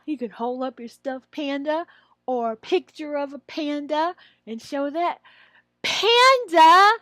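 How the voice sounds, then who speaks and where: High-voiced woman coaching teachers. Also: a little mellow, no room sound, clean studio sound. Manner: shifts into high, drawn-out teacher voice for modeled phrases. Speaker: online English teacher trainer. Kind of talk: instructional walkthrough.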